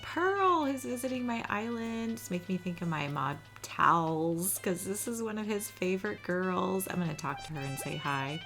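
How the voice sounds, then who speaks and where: Young woman, gaming host, casual cozy commentary, slightly low voice, music playing behind. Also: lively intonation, normal speed, gravelly, hardly any pauses, fairly bright tone. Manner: chatty and cozy, often says "little". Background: background music.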